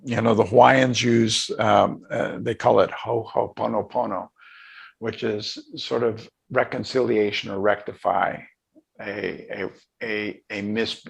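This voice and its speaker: Gravelly older man telling a story. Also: on the low side, steady tone. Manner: halting, emotional, many restarts. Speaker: interview guest. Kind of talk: reflective storytelling.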